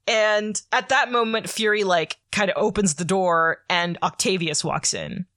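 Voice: medium pitch, measured pace, bright, forceful tone, dry recording, studio quality. A podcast co-host casually recapping a comic story, rambling with lots of filler words and the odd swear.

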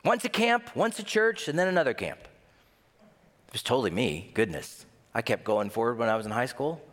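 A man preaching a sermon in a lively, animated way, sometimes acting out the voices of people he quotes. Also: medium pitch, a little fast. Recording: long hall reverb.

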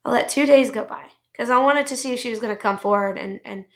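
A woman co-hosting a podcast, telling an angry story about her kids in a casual, animated way with plenty of swearing. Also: fairly high pitch, quick pace. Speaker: podcast co-host; mother. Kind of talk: casual ranting chat.

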